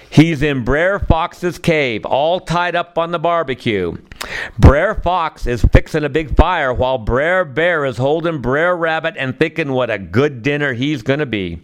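A man telling a storybook in a folksy, easygoing dialect. His voice sits fairly high and sounds smooth and resonant. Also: expressive, measured pace. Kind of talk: storybook narration.

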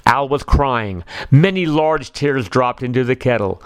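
A man narrating a children's story aloud in an unhurried, gentle read-aloud manner. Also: medium pitch, smooth, no room sound. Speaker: storybook reader.

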